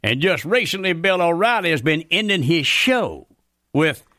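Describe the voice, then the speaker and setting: An actor playing a loudmouthed, folksy redneck commentator, ranting ungrammatically in a scripted radio comedy bit. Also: male voice, a little high, big pitch swings, moderate pace, no room sound, clean studio sound. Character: loudmouthed folksy redneck male commentator, middle-aged, grumpy.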